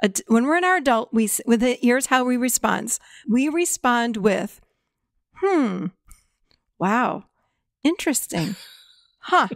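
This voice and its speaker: Middle-aged woman, fairly high voice, animated storyteller, dry studio sound. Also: moderate pace, hardly any pauses, no room sound. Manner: animated storytelling, acts out quoted lines, laughs often. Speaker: guest. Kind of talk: casual podcast conversation.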